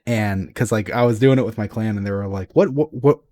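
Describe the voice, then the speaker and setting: Low-voiced rambling man, dry sound. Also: a little fast, no room sound. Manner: rambling, many restarts, excitable swearing when animated. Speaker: podcast co-host. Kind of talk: casual chat.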